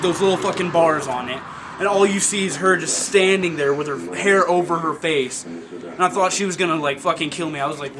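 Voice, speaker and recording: High-voiced man telling a profane story. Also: noisy background. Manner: profane, animated, swings between mutters and yelps; laughs while telling. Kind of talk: comic storytelling monologue.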